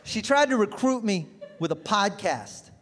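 A man's voice: high voice, lively intonation, unhurried, faint music behind. Stand-up comedian man on a reverberant stage. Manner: storytelling with acted-out quotes and sudden shouted punchlines. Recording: live in a large reverberant venue.

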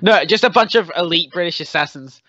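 A young podcast co-host with a high-sitting, sharp voice talks a little fast in crude, profane banter punctuated by jokey outbursts. The recording is a dull, lo-fi, dry home setup with no room sound.

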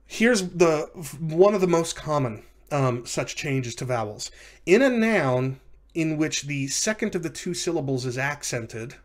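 A man teaching a recorded language lesson in a mid-pitched voice. He walks through each example carefully, pausing with fillers and correcting himself as he goes. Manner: explanatory, with frequent fillers and self-corrections. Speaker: lecturer.

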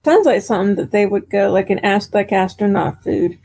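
A woman's voice: mid-range voice, animated, brisk, gravelly, mellow, slightly rough, dry recording. A woman co-hosting a podcast in casual chat, joking and murmuring agreement. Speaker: podcast co-host.

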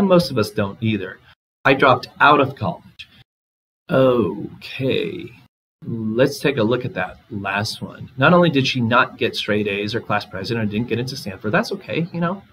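Guy lecturing on a short story, husky voice, chatty, reads bits out loud and talks them over. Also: medium pitch, poor audio. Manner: casual, conversational, reads passages aloud and comments. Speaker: literature lecturer. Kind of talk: recorded lecture.

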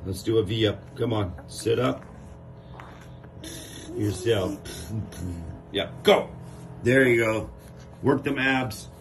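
A man's voice: lowish voice, slow, pauses often, music in the background. A man talking playfully to his baby son in a home video, coaxing him and cheering him on like a coach. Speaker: father filming his baby.

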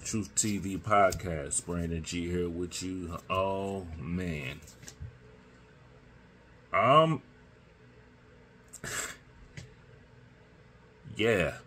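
A man hosting his own podcast, giving slow, emphatic political commentary and repeating his points. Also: low voice, a bit bright, breathy edge. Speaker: podcast host.

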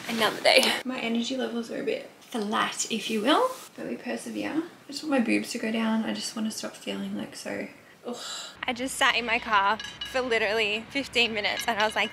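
A woman's voice: fairly high pitch, vocal fry, noisy background. A young Australian woman with a slight lisp, vlogging casually, frank and swearing freely, sometimes dropping to a whisper. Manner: chatty, frank and swears freely, often drops to a hushed whisper. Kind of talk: casual vlog to camera.

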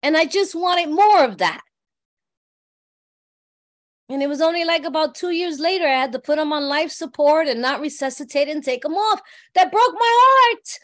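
High-voiced woman sharing a recovery story. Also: normal speed, long pauses. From New York. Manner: heartfelt, conversational, often asks "you know what I mean". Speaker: workshop speaker. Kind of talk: personal recovery share.

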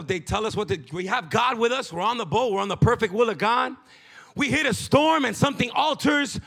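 A man preaching a sermon as pastor, swinging from loud shouted passages to hushed low lines. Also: gravelly. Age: young adult. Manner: preaches with rising shouts and sudden hushed drops.

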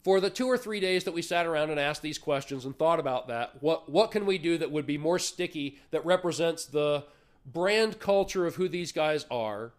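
Interview guest, man, somewhat high-pitched, loose rambling storyteller. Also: animated, moderate pace. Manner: rambling storyteller, lots of restarts. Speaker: interview guest, artist and puppet builder. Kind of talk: casual interview chat.

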